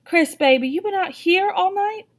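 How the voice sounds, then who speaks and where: A woman voicing a sharp-tongued, loving mother who scolds with sarcasm, in a storybook reading. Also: very high-pitched, normal speed, voice pushed up. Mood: gentle.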